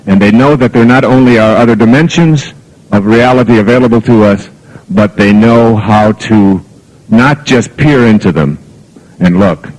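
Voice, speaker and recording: A man's voice: lowish voice, moderate pace, a little mellow, poor audio. A man giving a spoken lecture to an audience as a motivational speaker, telling anecdotes in an earnest, reflective way with plenty of fillers. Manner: rambling anecdotal storytelling with fillers.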